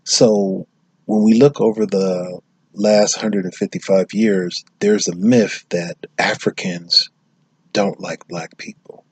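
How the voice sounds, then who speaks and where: A man's voice: deep voice, fairly even intonation, slow pace, slightly rough, no room sound. An American man giving unscripted commentary on social issues, talking emphatically and often restarting and repeating his phrases. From United States.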